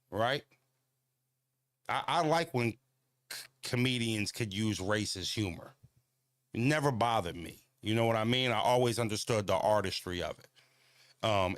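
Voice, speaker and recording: A man's voice: mid-range voice, fairly bright tone, no room sound, studio quality. A man hosting a casual walking livestream, talking bluntly and profanely, rambling with lots of fillers and answering viewers' comments. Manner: talks back to viewer comments. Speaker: channel host.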